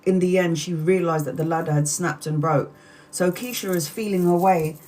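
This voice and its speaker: A woman hosting a tarot live stream, retelling a story in an animated, chatty way and acting out the quoted speech. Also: fairly low pitch, moderate pace. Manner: chatty, addresses viewers mid-story.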